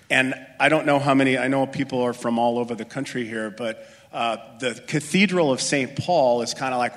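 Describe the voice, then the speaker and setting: A man's voice: mid-range voice, a bit bright. Brief: a male speaker telling a personal story to a room, loose and self-deprecating, echo hanging in a big space. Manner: casual, rambling, many fillers, self-deprecating. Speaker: speaker addressing a group. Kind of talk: motivational talk with personal story. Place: meeting room with an audience.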